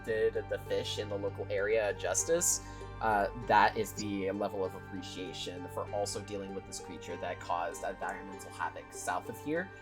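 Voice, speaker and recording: A man running a tabletop game as game master, animated and quick to laugh while he narrates. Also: lowish voice, music in the background.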